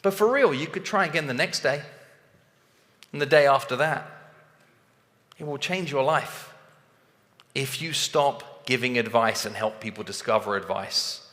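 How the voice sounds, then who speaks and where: A man giving a motivational talk on a stage, animated and acting out both sides of conversations. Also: mid-range voice, unhurried, pauses often, in a large hall. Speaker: sales trainer speaking on stage.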